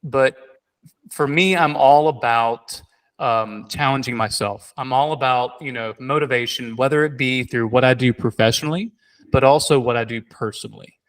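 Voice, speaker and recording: A man hosting a podcast in casual chat, telling animated stories with many fillers and restarts. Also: medium pitch, moderate pace. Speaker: podcast host.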